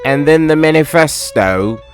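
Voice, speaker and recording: A man voicing a working-class British socialist in a put-on British accent, telling his story loudly and with emphasis over faint music. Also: fairly high pitch, lively intonation, unhurried. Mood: earnest.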